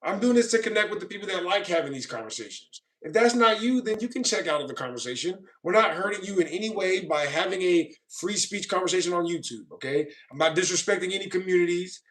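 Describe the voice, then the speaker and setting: This streamer talks fast and animated with few pauses, his voice high and a bit bright. Reading comments aloud, he argues with viewers in a defensive, preachy way, repeatedly tossing in "you know what I mean."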